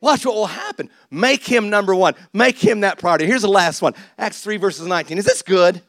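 A pastor preaches a lively sermon in a fairly high, brisk voice, swinging between loud exhortations and quiet, laughing asides. He's recorded close and dry on a handheld or stage mic, with no echo.

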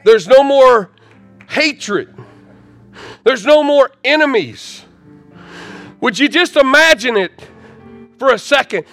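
A man preaching a sermon in a church, urging the congregation forward and praying with fervor, rising to shouts. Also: very high voice, sing-song, slow, pauses often, soft background music. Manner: repetitive, urging calls to the congregation. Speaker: pastor. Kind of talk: sermon with altar call and prayer. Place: church sanctuary.

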